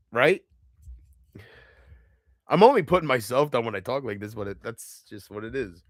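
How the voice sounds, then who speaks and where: A man's voice: mid-range voice, no room sound, clean studio sound. A man rambling in a live chat, profane and self-mocking, laughing often between thoughts. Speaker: livestream host.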